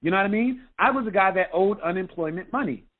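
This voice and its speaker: High-voiced man on a tinny phone line. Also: fast talker. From United States. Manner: energetic, repeats "okay?" often. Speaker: health coach. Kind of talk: motivational talk on a group call.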